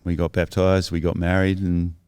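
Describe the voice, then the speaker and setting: A man's voice: low voice, little pitch movement, moderate pace, a little mellow, smooth, no echo. A man as a podcast guest, earnestly telling his life story in a thoughtful, reflective way that is often self-correcting.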